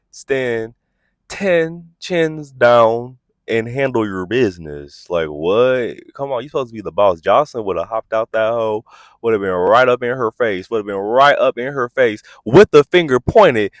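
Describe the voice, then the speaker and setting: A man hosts a reality TV recap vlog with quick, sassy asides, his voice leaping up and down as he acts out what people said. The sound is dry and close, with no room echo. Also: mid-range voice. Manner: acts out quotes in exaggerated voices. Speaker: host.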